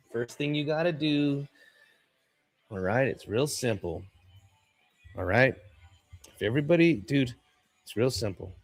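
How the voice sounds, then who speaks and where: A man hosting a live trading stream, talking in a loose, laid-back way and filling his talk with "dude" and "man". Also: medium pitch. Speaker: livestream trading host. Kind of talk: casual livestream chat.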